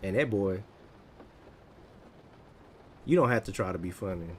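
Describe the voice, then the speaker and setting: An American man in his thirties, chatting casually on a livestream, answering viewers in an animated, teasing way. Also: low-pitched, unhurried, a little hiss or hum. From United States. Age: 30s. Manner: animated, teasing, laughs often.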